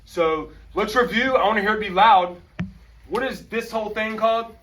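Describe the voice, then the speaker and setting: An energetic male teacher lectures his class in a high voice, tossing in slang as he calls on students. He sounds far from the microphone, with a faint hum of classroom noise behind him. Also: normal speed. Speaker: high school history teacher.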